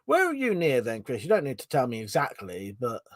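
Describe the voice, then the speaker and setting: A man's voice: medium pitch, huge pitch swings, brisk, no echo. A man from England, hosting a casual livestream, reading out viewer comments, laughing often and swearing casually. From southern England. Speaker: livestream host.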